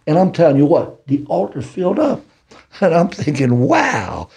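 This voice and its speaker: An older man with a Southern US city accent, telling his life story as a podcast guest in a preacherly, animated way. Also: a little high, normal speed, creaky, husky. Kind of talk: storytelling testimony.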